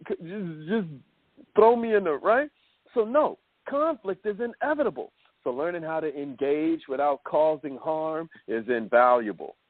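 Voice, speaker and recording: A man coaching listeners in a motivational call training, animated and calling them millionaires, heard over a phone call. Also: sits high, no room sound. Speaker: self-development coach. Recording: dry tinny phone line.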